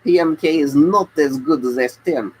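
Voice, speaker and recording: A man's voice: on the high side, moderate pace, slight background noise, low-quality recording. A man chatting casually on a webcam live stream, rambling and answering viewers by name. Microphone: webcam stream mic.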